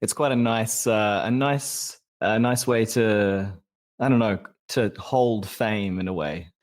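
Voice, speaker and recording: A man in his thirties with a New Zealand accent, talking as a musician guest in a relaxed, thoughtful, halting way. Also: on the low side. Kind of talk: casual interview chat.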